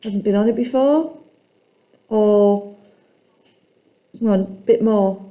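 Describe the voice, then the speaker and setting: A woman teaching a poetry class, asking students questions and reading lines aloud slowly. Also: mid-range voice, highs cut off.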